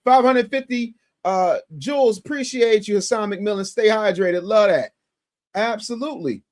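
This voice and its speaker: A man hosting a commentary show who reacts to clips in an animated, mocking way, with loud bursts and stammered restarts. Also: high-pitched, normal speed. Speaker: show host.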